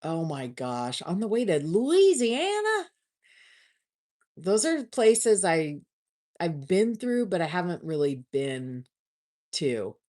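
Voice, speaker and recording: A woman with a low voice hosts a casual livestream chat. She talks slowly and gushes, often starting a word twice before going on. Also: sing-song, warm tone. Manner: chatty, gushing, restarts often. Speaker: livestream host.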